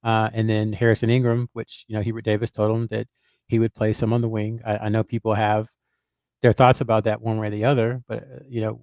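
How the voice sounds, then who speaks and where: A man's voice: fairly low pitch, flat delivery, fairly quick, darkish tone, no echo. A man on a podcast, a basketball reporter who hedges and thinks aloud with lots of fillers and restarts. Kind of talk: casual podcast chat.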